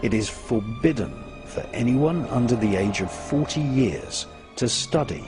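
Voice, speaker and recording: A man giving scripted documentary narration in a measured, deliberate way, his phrases falling at their ends. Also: mid-range voice, expressive. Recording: voice-over with clear background music.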